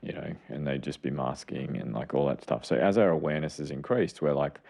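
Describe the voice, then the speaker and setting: Very deep, gravelly man. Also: fairly quick, warm tone. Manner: earnest, rambling, with self-correcting asides. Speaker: podcast co-host, child clinician. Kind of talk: casual explanatory chat.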